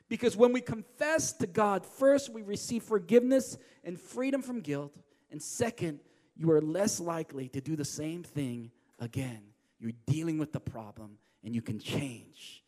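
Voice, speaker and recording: A man preaching a sermon as pastor, swinging from loud emphatic lines to hushed, quiet ones. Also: high voice. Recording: long hall reverb.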